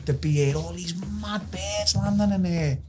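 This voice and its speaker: A man telling a lively anecdote, swearing and acting out what people said. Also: high-pitched, unhurried. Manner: animated storyteller, swearing, acts out quotes. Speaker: next-episode guest. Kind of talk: storytelling anecdote.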